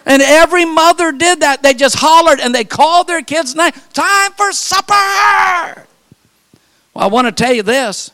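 Older man, preacher, sermon, very high voice, sharp bright tone, fervent, storytelling. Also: a little fast, hardly any pauses. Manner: fervent, rising to shouted calls; folksy storytelling with repeated phrases.

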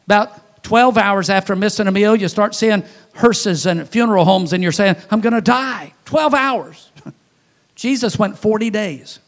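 Preacher from Louisiana, male, high-pitched, folksy sermon storyteller, loud-to-hushed delivery. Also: measured pace. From Louisiana, USA.

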